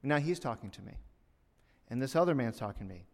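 Male pastor telling a story in an echoing hall. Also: fast. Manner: animated storyteller, rises loud and high for punchlines. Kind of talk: sermon storytelling. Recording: long reverb of a hall.

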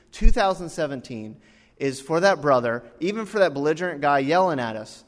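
A young man preaching a Christmas Eve sermon from the pulpit, telling stories with lively acted-out dialogue. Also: a little high. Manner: animated storytelling, acts out dialogue. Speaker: pastor. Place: church sanctuary. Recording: long hall reverb.

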